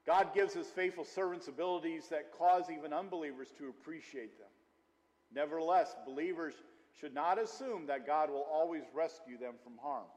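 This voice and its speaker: High-voiced pastor preaching in a reverberant hall. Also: male voice, normal speed, darkish tone. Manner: conversational preaching with personal stories. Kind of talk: sermon.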